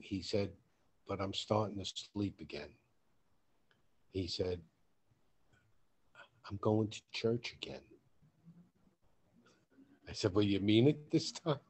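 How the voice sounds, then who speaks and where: Slow and husky, pausing often, a man with a lowish voice hosts a podcast and tells a story thick with swearing. He animatedly voices both sides of the conversation, delivering the quoted parts in a raised voice.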